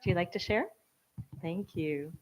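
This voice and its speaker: A woman with a lowish voice leads a group circle. She offers short, encouraging prompts to each person in turn. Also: a little slow, a little hiss or hum, low-quality recording. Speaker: circle facilitator.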